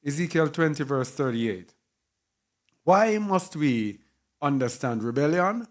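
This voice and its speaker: A man's voice: a little high, sing-song, measured pace. A man teaching a sermon with emphasis, repeating key words and spelling some out letter by letter. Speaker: Bible teacher.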